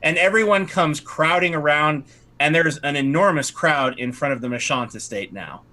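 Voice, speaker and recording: A man's voice: fairly high pitch, moderate pace, bright, forceful tone. A man narrating as game master of a tabletop game, in a loose, rambling way with many fillers.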